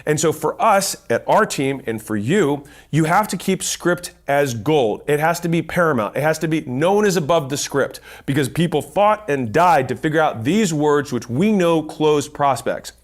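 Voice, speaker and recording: A man's voice: a little high, expressive, moderate pace, hardly any pauses. A man giving a blunt instructional talk on sales, counting points off and swearing casually. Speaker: business speaker teaching sales. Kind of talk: instructional monologue.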